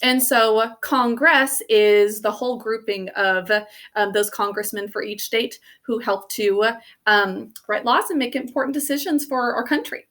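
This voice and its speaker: A woman teaching a spelling lesson, sounding out words letter by letter in a slow, patient way. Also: a little high, fairly bright tone.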